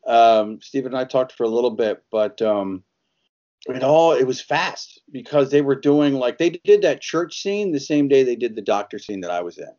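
A man's voice: mid-range voice, normal speed, mellow, dull audio. A man who is an actor, chatting as an interview guest, laughing often and acting out quotes as he tells stories. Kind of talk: casual interview chat.

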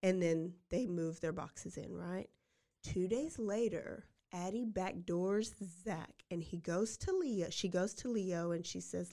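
A woman's voice: fairly low pitch, takes it slowly. Chatty woman telling a true-crime story. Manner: animated, slangy, recounts the case blow by blow. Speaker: podcast co-host.

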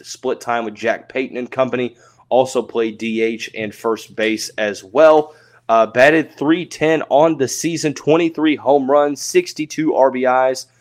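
A young man hosting a sports podcast, talking casually with many filler words and quick self-corrections. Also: mid-range voice. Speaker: podcast host.

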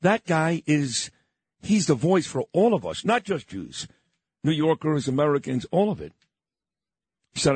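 A man's voice: a little high, very animated, measured pace, pauses often, darkish tone, slightly rough, dry recording. An older man from New York hosting a morning radio show, telling a story in an emphatic, boastful way.

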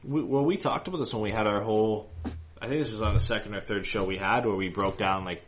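Deep-voiced man rambling on a podcast. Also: fast, a little hiss or hum. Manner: rambling, many restarts and fillers. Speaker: co-host of a hockey fan show. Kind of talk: casual podcast chat.

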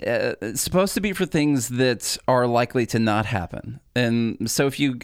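A man's voice: mid-range voice, normal speed, few pauses, clear, resonant tone, dry recording, clean studio sound. Chatty man co-hosting a podcast. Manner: chatty, laughs easily, promotional sign-off. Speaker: podcast co-host. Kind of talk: casual political podcast chat.

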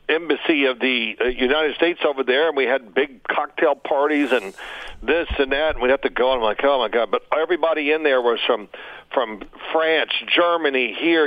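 A man's voice: mid-range voice, no echo. An older man, a guest calling in to a sports podcast, telling rambling stories in casual chat. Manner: rambling storyteller. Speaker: guest, father of co-host. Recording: tinny phone-line sound.

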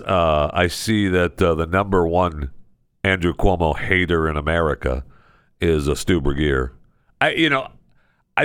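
A man hosting a talk show, ranting in a sarcastic, casual way with big swings in pitch. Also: a bit bright, clear, resonant tone, dry recording, clean studio sound. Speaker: radio show host. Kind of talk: casual opinion monologue.

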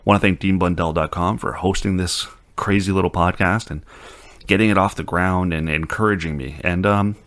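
A man's voice: sits low, steady tone, moderate pace, fairly bright tone. A man hosting a podcast, chatting in a rambling, easygoing way with casual swearing. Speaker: podcast host. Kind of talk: casual podcast chat and outro. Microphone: studio mic with headphones.

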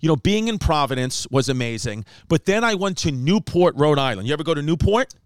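A man from New York hosting a comedy podcast, telling stories in a casual, animated way and acting out quotes. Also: fairly high pitch, fairly quick, dry recording, studio quality. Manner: animated storyteller, acts out quotes. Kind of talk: casual storytelling chat.

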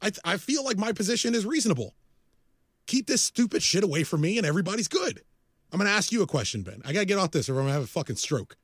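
A man's voice: sits high, sing-song, racing, husky, no room sound, clean studio sound. A man in his forties, a podcast co-host, ranting casually with a profane, exasperated manner.

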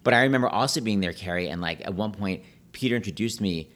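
In a casual podcast conversation, a middle-aged pianist and Broadway host talks quickly and tells animated stories. He leaps into high, put-on voices whenever quoting people.

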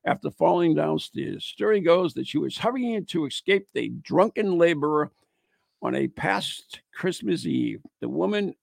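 A man's voice: on the high side, very animated, measured pace, gravelly, no echo. A man co-hosting a podcast, casually reading ghost stories aloud with joking, mock-grim asides. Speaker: podcast co-host.

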